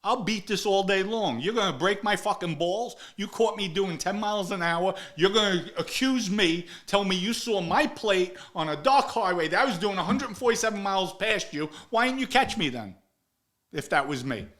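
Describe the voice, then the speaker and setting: A man's voice: sits high, animated, moderate pace, fairly bright tone, voice pushed up. A man voicing a brash, defiant driver who swears and argues back at a police officer. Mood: indignant. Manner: cocky, profane, indignant.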